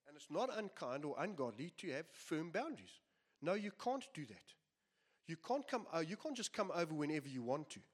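A man preaching a sermon, earnest and emphatic, often repeating his phrases. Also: a little high. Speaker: pastor.

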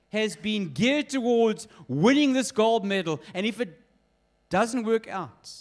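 Pastor, high-pitched man, animated sermon storytelling. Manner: lively storytelling with acted quotes.

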